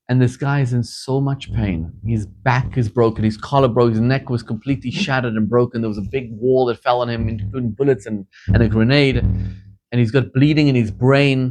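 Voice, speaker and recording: A man from Zimbabwe, a rabbi, preaching a sermon with animated storytelling that builds to fervent emphasis. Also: medium pitch, moderate pace, soft background music.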